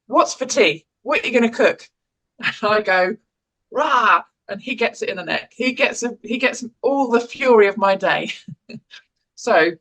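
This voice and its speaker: A woman's voice: mid-range voice, fairly bright tone, low-quality recording. A woman in her forties from England with an English accent, an educational psychologist giving an informal, conversational talk on well-being, with frequent restarts and light laughs. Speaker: educational psychologist and parent caregiver.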